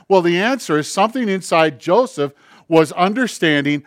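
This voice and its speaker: A male pastor delivers a sermon in an earnest, conversational voice that sits a little high for a man. He slows down to lean on key phrases and slips into acted-out asides. The sound is close and dry. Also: dry recording. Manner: acts out dialogue and asides.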